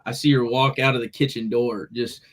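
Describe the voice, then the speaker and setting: A man with a relaxed drawl spins a yarn for his co-hosts, slipping into other people's lines as he goes. His voice sits at an ordinary middle pitch. He talks in an easy, conversational way. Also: fairly quick. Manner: laid-back storyteller, acts out quotes. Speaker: podcast co-host. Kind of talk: casual storytelling chat.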